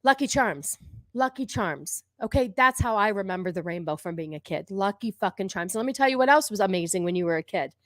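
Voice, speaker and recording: A woman's voice: mid-range voice, lively intonation, quick pace, few pauses, dry recording, clean studio sound. Ranting woman in her forties. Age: 40s. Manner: sarcastic, profane, ranting. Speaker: streamer host. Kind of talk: live-stream commentary on videos.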